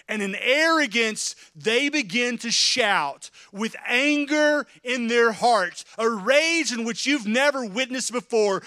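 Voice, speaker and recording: High, bright-voiced preacher, dramatic retelling. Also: male voice, animated, measured pace, no room sound, studio quality. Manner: vivid, swings from loud crowd shouts to hushed low narration. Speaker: pastor. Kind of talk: dramatic sermon storytelling.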